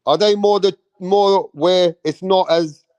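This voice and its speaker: A man's voice: sits high, fairly even intonation, takes it slowly, darkish tone, dry recording. A man chatting loosely on a livestream, rambling and swearing as he reads viewer comments. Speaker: livestream host. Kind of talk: casual livestream chat reading viewer comments.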